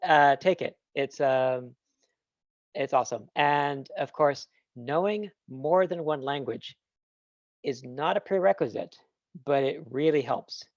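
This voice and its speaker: A man's voice: fairly high pitch, takes it slowly, no echo, dull audio. A man answering questions in a talk, enthusiastic and rambling with fillers, heard over a video call. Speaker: guest speaker. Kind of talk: casual Q&A answer.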